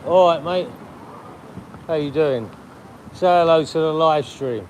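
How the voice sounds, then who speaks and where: Walking along a city street, a man chats with strangers on a live stream, his fairly high voice a little slow. The poor-quality audio is full of street noise and passing traffic.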